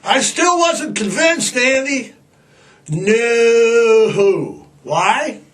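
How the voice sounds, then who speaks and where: A man's voice: extremely high pitch, expressive, extremely slow, fairly bright tone. A man hosting a podcast in a rambling, irreverent comic monologue, profane and stammering over fillers. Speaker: podcast host.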